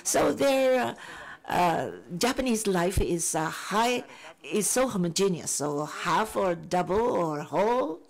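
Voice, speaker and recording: Woman, interpreter, film panel Q&A, halting phrase-by-phrase delivery, mid-range voice. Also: mid-range voice, vocal fry.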